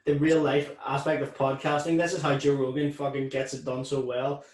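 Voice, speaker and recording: A male podcast host in easygoing conversation, cursing now and then. His mid-pitched voice carries a noticeable echo, as if he is recording in a bare room. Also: moderate pace, slight background noise. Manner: relaxed, chatty, swears casually. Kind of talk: casual chat.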